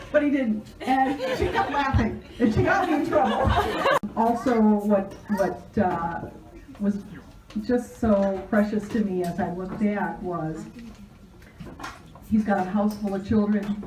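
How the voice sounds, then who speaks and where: A woman's voice: on the high side, animated, a little slow. A woman in her fifties giving an emotional birthday toast for her uncle, laughing through her stories. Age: 50s. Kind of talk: family party speech. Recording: echoey room from far off. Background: loud crowd chatter and noise.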